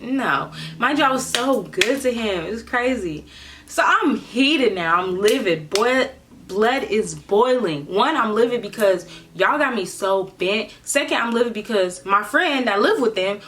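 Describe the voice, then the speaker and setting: Young woman, casual storytime, slangy, animated, acts out quotes. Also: medium pitch, brisk. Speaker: vlogger telling a story.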